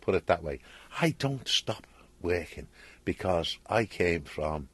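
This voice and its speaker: Older Liverpool man, Scouse accent, husky, animated storyteller, dry close sound. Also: low voice, slow, no room sound. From England. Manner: lively storyteller, acts out voices and laughs often. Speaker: interviewed author. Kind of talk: casual interview chat.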